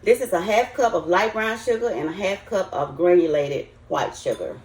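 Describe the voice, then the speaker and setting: A woman's voice: on the low side, normal speed, a little mellow. An older woman with a Southern US accent, chatting folksy and casual to viewers as she cooks in her home kitchen. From Southern United States. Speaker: home cook. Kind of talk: casual cooking vlog. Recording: roomy, echoey kitchen.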